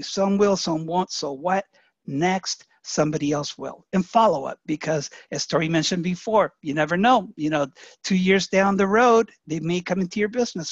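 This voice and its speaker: A man's voice: high-pitched, dry recording. A man giving a motivational network marketing training, telling folksy stories and filling his talk with "you know". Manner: folksy storytelling with many "you know" fillers. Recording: muffled lo-fi webinar audio.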